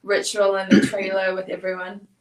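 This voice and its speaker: A woman's voice: mid-range voice, completely flat delivery, moderate pace. A woman answering fan questions as an actor guest on a panel, agreeable and thinking aloud with fillers. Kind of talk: casual panel chat. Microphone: video call. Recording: roomy, distant from mic.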